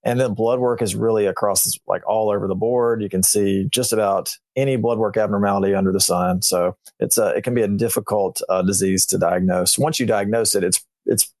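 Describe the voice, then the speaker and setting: A man, a veterinarian guest on a radio show, explaining conditions in a relaxed, plain way. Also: on the low side, brisk, few pauses, no echo. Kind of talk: casual explanatory chat.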